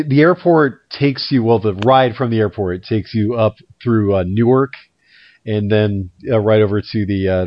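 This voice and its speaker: A man's voice: on the low side, dry recording, dull audio. A man hosting a podcast over a call, telling rambling, self-mocking stories with lots of fillers and restarts. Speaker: podcast host. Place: hotel room in a big city. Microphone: remote call line.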